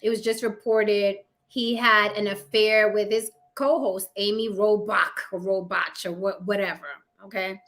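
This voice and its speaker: A woman's voice: medium pitch, level tone, a little slow, hardly any pauses, fairly bright tone. A woman with a New York accent hosting a casual livestream chat, blunt, sassy and full of profanity. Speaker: host.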